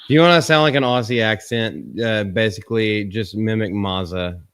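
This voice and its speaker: A man in his thirties hosting a casual live stream, teasing and bantering quickly. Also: lowish voice, a bit bright, smooth. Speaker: streamer host. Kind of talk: casual joking chat.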